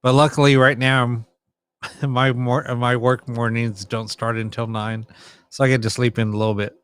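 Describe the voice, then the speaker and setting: A man hosts a late-night live stream, chatting loosely with viewers and playfully scolding them. His voice is smooth and clear, at an ordinary middle pitch. The sound is dry and close, with no room around it. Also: level tone, moderate pace, a bit bright, dry recording. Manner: chatty, laughing, teasing back at viewers. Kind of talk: casual chat with live chat viewers.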